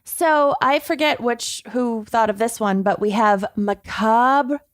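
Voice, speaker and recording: A woman's voice: on the high side, slow pace, dry recording, clean studio sound. A woman co-hosting a podcast, chatting casually in a bubbly, playful way. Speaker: podcast co-host. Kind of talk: casual chat.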